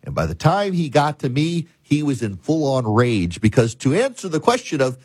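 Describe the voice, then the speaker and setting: A man with a husky voice delivers a talk show monologue. He tells a story and explains in an emphatic, deliberate way. His pitch sits in the middle, and the recording is close and dry. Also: very animated, no echo.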